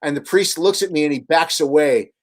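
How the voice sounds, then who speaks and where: A man, a radio host and author, guesting on a radio show and telling long, animated anecdotes with many restarts. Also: on the high side, fairly quick. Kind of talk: storytelling in a radio interview.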